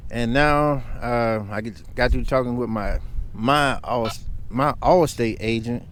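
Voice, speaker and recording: A man's voice: medium pitch, slow pace, fairly bright tone, a little hiss or hum. A man vlogging, telling a story in a heated, emphatic rant.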